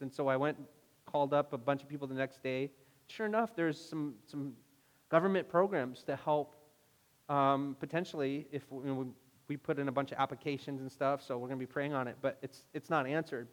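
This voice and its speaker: Guy preaching, lively and jokey, long church echo. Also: fairly high pitch. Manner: animated storytelling, mock-exasperated asides. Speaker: pastor. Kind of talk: sermon. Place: church hall. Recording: long hall reverb.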